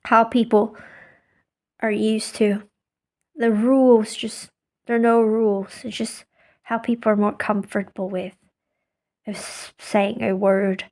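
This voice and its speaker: A woman who speaks English as a second language, thinking aloud in a casual monologue with many fillers and restarts, often trailing off quietly. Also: mid-range voice. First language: not English. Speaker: podcaster.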